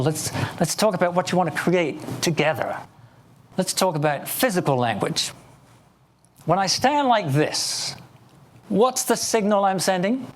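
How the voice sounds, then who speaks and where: An Englishman with an Oxford-area accent delivers a motivational keynote on stage. His pitch rises and falls in a lively way as he spins playful stories for the audience, with a faint hiss under the recording. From England. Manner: storytelling, playful, addressing the audience. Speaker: keynote speaker.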